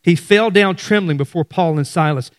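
A man's voice: sits high, normal speed, no echo, studio quality. A middle-aged man preaching a sermon, speaking animatedly to his congregation. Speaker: pastor.

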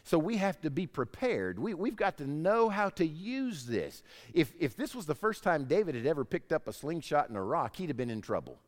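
A man preaching a sermon as pastor, telling stories with lively voices. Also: on the high side, normal speed, big-room sound. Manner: animated storytelling, acts out voices in anecdotes.

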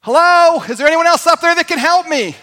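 A man voicing a panicked man dangling from a cliff, hollering frantically in a high, strained voice. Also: animated, moderate pace, pushed and bright, heavily acted. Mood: desperate. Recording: echoey hall.

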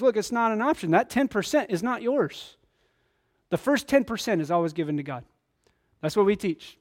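A pastor preaching a conversational sermon to his church, a man acting out quoted voices in his stories. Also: high voice.

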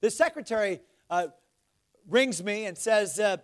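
A middle-aged male pastor preaching a sermon, swinging from loud exhortation to hushed, earnest questions. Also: sits high, expressive, unhurried.

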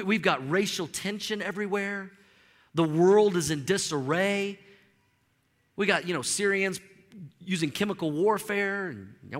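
Man, pastor, sermon, high-pitched, bright tone, emphatic, stammering restarts, church hall reverb. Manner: animated, emphatic preaching with frequent stammered restarts. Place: church sanctuary. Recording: long reverb of a large hall.

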